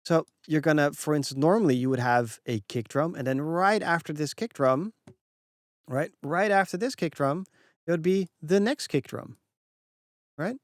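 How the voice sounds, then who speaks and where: A man who works as a mixing engineer, explaining a music production point in an animated, casual tutorial that swears freely and acts out the people he quotes. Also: fairly high pitch, normal speed, no room sound, clean studio sound.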